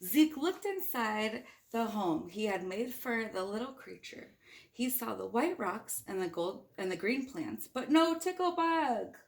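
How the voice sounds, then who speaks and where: A woman's voice: mid-range voice, expressive, unhurried, gravelly. A woman reading a children's storybook aloud, playful and chatty, asking the listeners questions along the way. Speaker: storybook reader.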